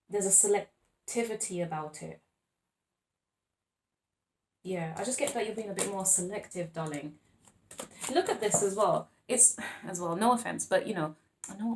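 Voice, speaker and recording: A woman's voice: medium pitch, a little hiss or hum. Woman tarot reader, casual monologue, playful and rambling, with lots of endearments and laughter. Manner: chatty and playful, laughing often, calling viewers babes and darling; rambling with frequent restarts.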